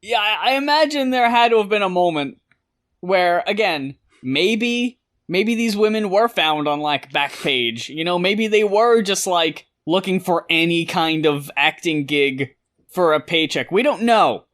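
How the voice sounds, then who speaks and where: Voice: mid-range voice, animated, a little slow, fairly bright tone. A podcast co-host in casual chat, talking in a dry, sarcastic and profane way.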